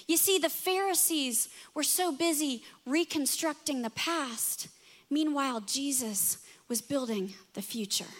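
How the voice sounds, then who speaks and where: A woman in her thirties delivers a sermon in a bright, ringing tone. Her voice sits high, and she tells her stories with animation, acting out the voices of the people in them. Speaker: pastor.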